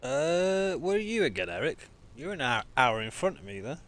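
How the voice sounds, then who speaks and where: A man's voice: mid-range voice, big pitch swings, moderate pace, fairly bright tone. A man, chatting casually with viewers on a live game stream and greeting them as mate. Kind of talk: live-stream chat while gaming.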